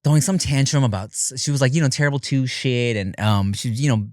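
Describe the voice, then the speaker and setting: A man in his thirties co-hosting a casual podcast, telling lively stories, swearing freely and acting out his kids in high voices. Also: brisk, no room sound, clean studio sound. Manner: swears casually, laughs often. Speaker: podcast co-host.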